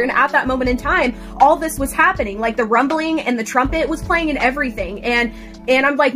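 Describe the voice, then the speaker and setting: Woman, casual testimony, earnest, filler-heavy, slightly high voice. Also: fast, a bit bright, soft background music. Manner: rambling, says "like" constantly; earnest and emphatic. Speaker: storyteller.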